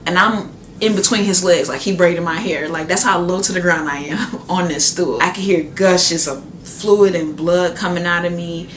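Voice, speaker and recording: A young woman with a lowish voice chats through a personal story, lively and loose, sprinkling in fillers and acting out the people in it. She sounds like she is in an echoey room, with a faint hum of ambient noise behind her. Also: moderate pace, few pauses. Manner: animated, acts out quoted voices, many "like" fillers. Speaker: new mother.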